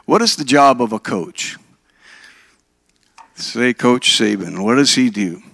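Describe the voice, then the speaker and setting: A man's voice: medium pitch, lively intonation, slow pace, vocal fry, a bit bright, no room sound. A man in his sixties from Minnesota, preaching a sermon in a conversational way and asking his congregation questions. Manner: conversational, asks the audience questions. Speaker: pastor.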